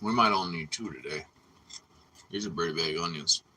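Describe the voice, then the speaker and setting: Sharp-voiced man chatting on a home livestream. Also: sits low, brisk, slight background noise, rough recording. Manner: chatty, swears freely, talks to viewers. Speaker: livestream cooking host. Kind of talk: casual live-stream chat while cooking. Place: home kitchen.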